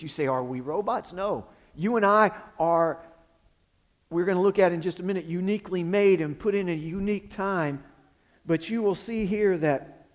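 A man preaching a sermon, swinging between forceful emphasis and hushed, dropped phrases. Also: high voice, in a large hall. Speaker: pastor.

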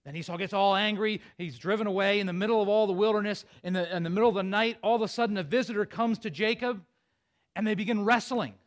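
A man preaching a sermon, retelling a story with lively asides to his congregation. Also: high-pitched, quick pace. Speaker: pastor.

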